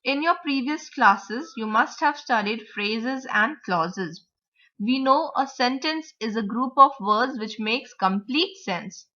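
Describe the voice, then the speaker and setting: A woman teacher explaining vocabulary, word stress and grammar, repeating example words slowly to model the stress. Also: on the high side, expressive, sharp tone. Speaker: English teacher. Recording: dull lo-fi recording.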